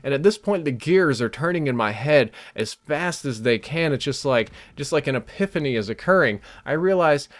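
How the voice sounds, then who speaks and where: A man recounting a vivid dream as an animated, breathless story over gameplay footage. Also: a little high, normal speed, hardly any pauses. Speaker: gaming YouTuber.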